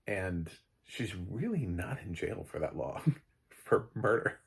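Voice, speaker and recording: A man with a low, gravelly voice and a husky edge talks through a movie in a loose, joking way. He rambles with plenty of fillers and drops the occasional swear word. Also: unhurried. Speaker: movie reviewer. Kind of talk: casual spoken film review.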